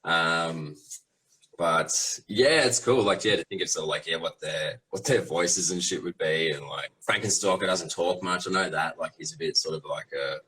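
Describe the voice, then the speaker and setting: A man with an extremely low, rumbling voice talks through his process as a guest on a live Q&A. He rambles loosely and hesitantly, piling up fillers as he goes. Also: normal speed, pushed and bright, poor audio. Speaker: guest resin toy maker. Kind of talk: casual live Q&A chat.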